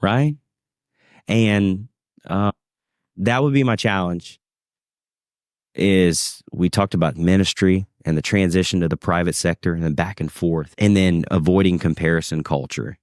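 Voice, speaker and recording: A man with a very low, deep voice tells stories with energy, slipping into the voices of the people he quotes. He is a podcast guest chatting casually. The sound is dry and close, with no room echo. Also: a little slow. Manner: animated storyteller, acts out quoted voices. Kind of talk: casual conversational storytelling.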